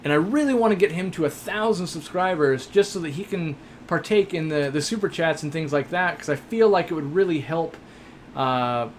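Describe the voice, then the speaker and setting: A man's voice: fairly high pitch, normal speed, slight background noise. A young man hosting a casual live stream, reading viewer questions aloud and answering with jokes and lots of fillers. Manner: chatty, joking, rambling with many fillers. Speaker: host of an aquarium shop live stream.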